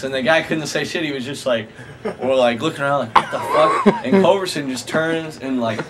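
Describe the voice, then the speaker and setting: A young man casually telling a rambling, profane anecdote to friends, often laughing as he talks. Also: medium pitch. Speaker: storyteller. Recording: noisy amateur recording.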